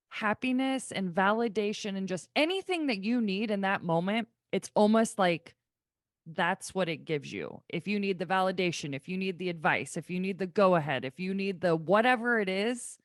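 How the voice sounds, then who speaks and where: A woman's voice: fairly low pitch, dry recording, clean studio sound. A woman hosting a podcast, speaking earnestly and emphatically in casual conversation, with many fillers. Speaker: podcast host.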